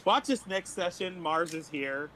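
A man playing a character in a tabletop game, talking in a hesitant, halting way with frequent laughs. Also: high voice, lively intonation, a bit bright. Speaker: player. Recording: faint background noise.

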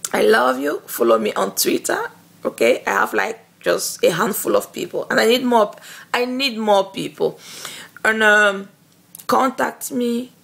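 Woman evangelist, husky and gravelly, slow and earnest, devotional video message. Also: medium pitch. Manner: slow, earnest, encouraging, with fillers and repetitions.

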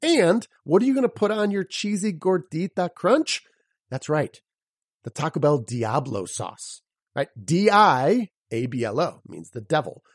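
Lively, husky-voiced man teaching a podcast lesson. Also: a little high, measured pace, no echo, clean studio sound. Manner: spells words out letter by letter, asks rhetorical questions. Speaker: podcast host and sales coach.

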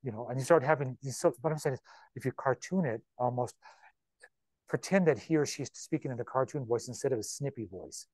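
Broker type: a man with a mid-range voice, dry and close, giving a chatty, animated training talk. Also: mid-range voice, dry recording. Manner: chatty, animated, with quick repeats and asides. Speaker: real estate broker leading agent training. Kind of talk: informal training talk to a room of agents.

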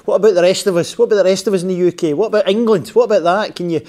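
A man's voice: high voice, fairly even intonation, rapid-fire, warm tone, voice pushed up, natural voice. A man putting on the voice of a grumbling English listener, whiny and mock-aggrieved. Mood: complaining.

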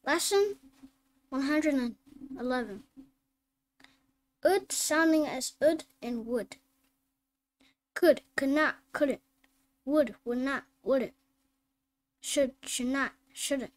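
A woman reading phonics drills and simple sentences aloud, slow and deliberate, word by word. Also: sits high. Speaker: phonics teacher.

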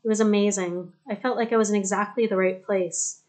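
A frank teenage girl, voiced by a woman reading aloud, wistful and gentle. The pitch sits in the middle. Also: steady tone, a little fast, close to an everyday voice. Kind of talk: audiobook character reading.

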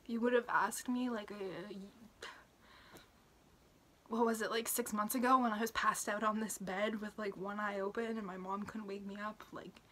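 A young woman talking through a personal update to her camera, halting and emotional, with many fillers and restarts, sometimes sinking to a whisper. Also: medium pitch, steady tone. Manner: soft, drops into whispers. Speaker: vlogger. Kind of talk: personal recovery update vlog.

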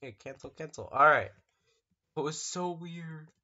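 Excitable gamer talking to viewers. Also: mid-range voice, moderate pace, dull audio, slight background noise. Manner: excitable, talks to viewers, sudden screams. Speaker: let's play gamer. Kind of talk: casual gameplay commentary.

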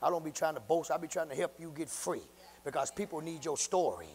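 A man preaching a sermon as pastor, calling out to the congregation and often breaking into shouts. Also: on the high side, expressive, brisk, big-room sound. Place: church sanctuary. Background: church congregation.

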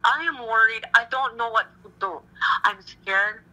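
A woman's voice: fairly high pitch, a little slow, sharp tone. A young woman on a recorded phone call, anxious and rambling, repeating herself and swearing casually. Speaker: caller.

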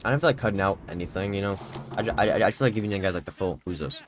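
A young man streaming a video game, profane, excitable and jokey as he plays. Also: lowish voice, rapid-fire, a little hiss or hum. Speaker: gaming streamer. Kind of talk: live gameplay commentary. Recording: home mic with game music behind.

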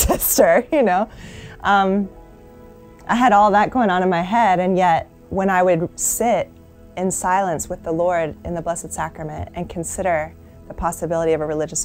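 A woman, a religious sister, reflectively telling the story of her calling in a soft-spoken way. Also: on the low side. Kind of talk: personal vocation testimony.

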